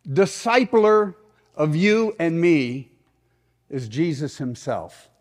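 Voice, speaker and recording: Middle-aged pastor guy preaching, kinda high voice, gets loud then goes soft and prayerful. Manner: animated preaching, dropping to soft prayerful tones. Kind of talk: sermon.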